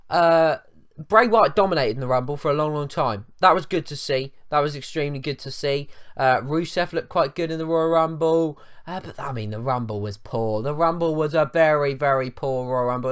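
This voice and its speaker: A man's voice: mid-range voice, a bit bright, clean tone. A young man giving a blunt, swearing rant in a video review, with lots of ums. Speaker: wrestling show reviewer.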